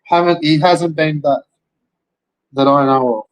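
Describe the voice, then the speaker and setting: A man's voice: a little high, fairly even intonation, measured pace, no room sound, low-quality recording. Swearing Australian man ranting. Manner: profane, rambling, rhetorical questions. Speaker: commentary streamer. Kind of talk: casual commentary rant.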